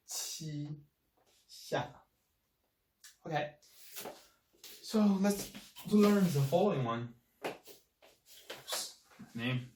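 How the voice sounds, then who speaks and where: Male Chinese tutor, second-language English, slow and repetitive drilling of sounds, echoey room. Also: mid-range voice, darkish tone, slight background noise. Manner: slow, repeats each sound many times. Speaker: Chinese teacher. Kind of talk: language lesson. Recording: echoey room, mic at a distance.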